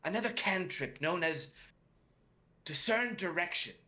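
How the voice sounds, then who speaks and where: A man's voice: high voice, expressive, measured pace, sharp tone, pitched above the performer's own voice, heavily acted. A man doing a patient, wry magic teacher. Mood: lecturing. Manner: patient, lecturing.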